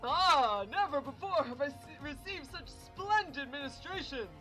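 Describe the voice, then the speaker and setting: A pompous, melodramatic gentleman inspector, as a woman puts him on, grand and overly formal. The voice stays fairly high and unhurried, with faint game music behind. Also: lively intonation, heavily acted, rough recording. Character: pompous middle-aged gentleman inspector, theatrical. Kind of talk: voicing game dialogue.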